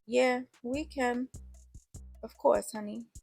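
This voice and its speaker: A woman's voice: fairly high pitch, fairly even intonation, takes it slowly, vocal fry, a little mellow, husky, soft background music, heavily acted. A woman voicing a playful, caring middle-aged father with dry, mock-formal teasing.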